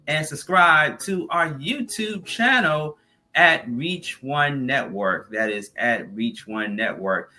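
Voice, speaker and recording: A man hosting a community TV talk show, asking questions and running through upbeat plugs and thank-yous. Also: medium pitch. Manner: upbeat sign-off with repeated plugs. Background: soft music bed.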